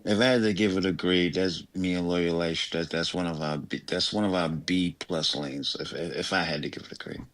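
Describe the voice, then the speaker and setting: A man, a guest artist, chatting casually in a slangy, animated, laughing storytelling way. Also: sits low, moderate pace, few pauses, no room sound. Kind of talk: casual chat.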